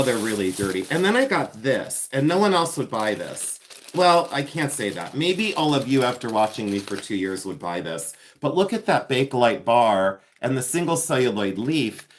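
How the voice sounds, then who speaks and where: A middle-aged man hosting a chatty live-stream jewelry unboxing, gushing over finds, greeting viewers by name and laughing often. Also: medium pitch.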